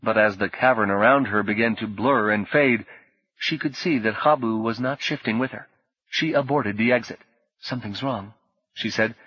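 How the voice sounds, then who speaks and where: A man reading an audiobook in a measured, even storytelling voice. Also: fairly low pitch, husky, dry recording. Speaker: audiobook narrator. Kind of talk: scripted narration. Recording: dull, dry lo-fi recording.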